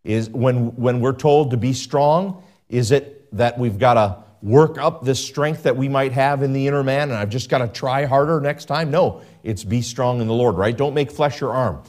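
A man preaching a sermon as pastor, asking his listeners frequent questions and swinging between loud emphatic lines and low quiet asides. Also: moderate pace. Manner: asks the congregation frequent questions.

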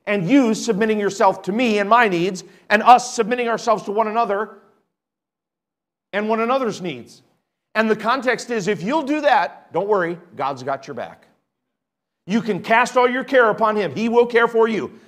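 A man preaching a sermon, reading scripture aloud and swinging between hushed, quiet points and loud, emphatic ones. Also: sits high, animated, unhurried. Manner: reads scripture aloud in old-fashioned wording.

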